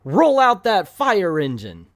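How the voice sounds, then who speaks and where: A man voicing a confident teenage boy hero who barks orders to his team. The voice is pitched up and loud, with a lively pitch. Dry, close sound. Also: takes it slowly, no echo, full character voice. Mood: commanding.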